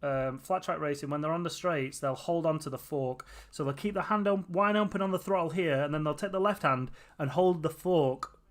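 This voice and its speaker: A man's voice: fairly high pitch, moderate pace, few pauses. A tired man chatting casually to viewers on a live stream, with a runny nose. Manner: tired, chatty, often laughing.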